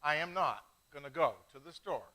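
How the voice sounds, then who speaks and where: A middle-aged man hosts a wine tasting in a chatty, self-mocking way. His voice sits high and sounds bright and forceful. He tells his stories with lots of energy. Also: lively intonation, a little fast, rough recording. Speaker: host of a live wine tasting show. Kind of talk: casual live-stream chat.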